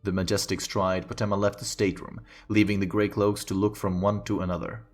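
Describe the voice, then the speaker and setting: Male streamer-storyteller, low and steady, light music underneath. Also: brisk. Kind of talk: reading a fantasy story aloud on a stream.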